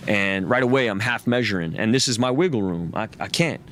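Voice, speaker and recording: A man's voice: fairly low pitch, a little fast, fairly bright tone, a little hiss or hum. A man telling a long story in casual talk. He swears freely, rambles, and often restarts his sentences. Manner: profane, rambling, restarts a lot. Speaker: interview guest.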